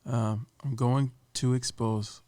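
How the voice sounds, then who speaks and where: A man chatting on a podcast, spinning an animated story about an old job. His voice is smooth and resonant, with a middle pitch for a man. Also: slow pace. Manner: lively, animated, slips into voices of people he quotes. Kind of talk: casual storytelling chat.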